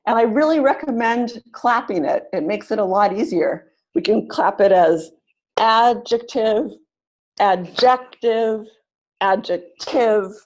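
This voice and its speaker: A woman leading an online teaching webinar, upbeat, who slows down to sound out words syllable by syllable. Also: medium pitch, darkish tone, dull audio. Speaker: teacher trainer.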